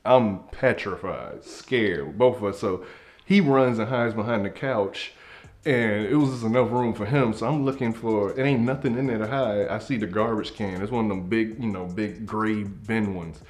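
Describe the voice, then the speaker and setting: Animated low-voiced man telling a funny story. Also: normal speed. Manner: animated, acts out scenes, drops to hushed tones. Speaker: comedy group member. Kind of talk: comedic storytelling.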